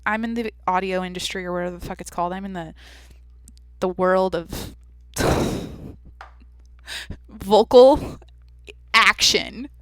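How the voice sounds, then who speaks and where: A woman's voice: on the low side, steady tone, a little fast, smooth, no room sound. A woman hosting her own podcast in a casual, rambling way, with a nasal, slightly congested voice and a joking, profane manner. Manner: rambling, chatty, profane and self-mocking. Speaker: podcast host. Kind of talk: casual solo podcast chat.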